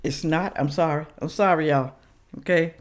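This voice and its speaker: A woman hosting a reaction channel speaks directly to the camera in casual commentary, preaching emphatically to viewers. She sounds sniffly from sinus trouble. Her low voice has fairly even intonation and a moderate pace.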